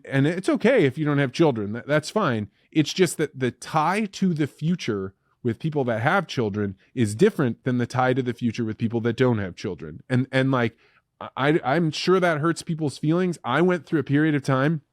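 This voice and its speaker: A man's voice: mid-range voice, dry recording, studio quality. A man in his thirties hosting a podcast, speaking in an earnest, reflective way. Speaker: podcast host. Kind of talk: casual conversational interview.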